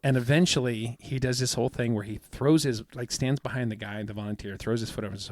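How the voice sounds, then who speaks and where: A man's voice: mid-range voice, steady tone, fast talker, no room sound. A man co-hosting a podcast, telling a long story in a rambling, casual way with many fillers and acted-out quotes. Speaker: podcast co-host. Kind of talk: casual chat.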